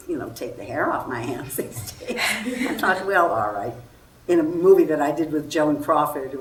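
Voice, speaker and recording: Older woman telling stories in a hall. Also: rumbling low. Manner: animated storytelling, acts out quoted voices. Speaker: guest actress. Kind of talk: anecdotal festival talk. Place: festival hall before an audience. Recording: far-off roomy hall recording, faint noise.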